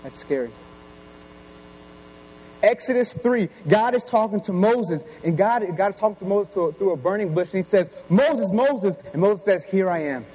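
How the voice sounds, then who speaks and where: High-voiced young man giving a sermon. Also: normal speed, mellow, a little hiss or hum, poor audio. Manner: earnest, asks many rhetorical questions.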